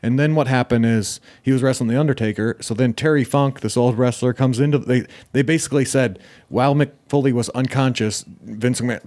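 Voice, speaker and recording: A man's voice: mid-range voice, fairly quick, a little mellow. A young man, a podcast guest, talking casually with frequent fillers and restarts. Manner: hesitant, many fillers and restarts. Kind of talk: casual chat.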